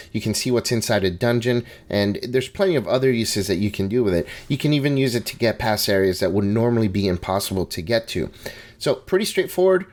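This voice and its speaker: A man casually talking through a tabletop game guide, conversational with frequent restarts and asides. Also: medium pitch. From Hispanic background. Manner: conversational, restarts and hedging asides, laughs at himself.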